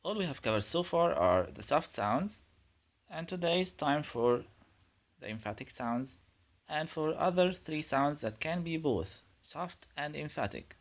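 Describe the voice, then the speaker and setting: Slow, patient male language teacher. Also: on the high side, expressive. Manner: patient, repeats sounds in drills. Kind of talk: slow, deliberate pronunciation lesson.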